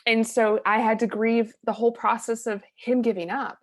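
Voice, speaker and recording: A middle-aged woman, a wellness coach and interview guest, earnestly recounting a personal story and often trailing off into soft, quiet phrases. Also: on the high side, fairly even intonation, moderate pace.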